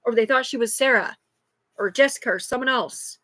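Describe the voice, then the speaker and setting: A high-pitched woman in her thirties rants in a loose, rambling live monologue, swearing constantly. Her voice is close and dry, picked up on a phone. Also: brisk, fairly bright tone, no room sound. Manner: agitated, rambling, heavy swearing. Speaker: livestreamer.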